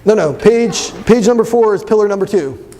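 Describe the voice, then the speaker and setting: A young man teaching a debate class, lively and constantly asking his students questions. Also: sits high, brisk, slight background noise. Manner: animated, asks the class questions. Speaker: debate instructor. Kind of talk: classroom lecture.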